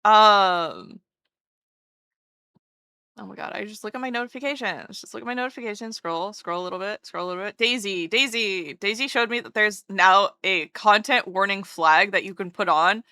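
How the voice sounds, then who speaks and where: A woman's voice: medium pitch, moderate pace, bright, forceful tone, clean tone, no echo, clean studio sound. A woman streamer chatting casually while drawing, gushing and rambling as she interrupts herself.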